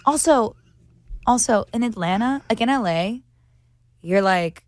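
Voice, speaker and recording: A woman in her twenties, a guest actress in a casual chat, telling jokey stories with laughs and quick voices for the people in them. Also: fairly high pitch, lively intonation, no echo, studio quality. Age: 20s. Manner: jokey, laughing, acts out other people's lines.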